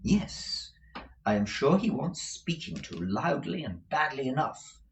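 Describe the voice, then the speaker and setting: A raised, lilting voice plays a coy, pouting lady of fashion, as a male reader puts her on. She speaks primly and sweetly with a lively, sing-song rise and fall. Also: high-pitched, normal speed, echoey room, a little hiss or hum, pitched above the performer's own voice. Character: prim, pouting fashionable wife, milliner.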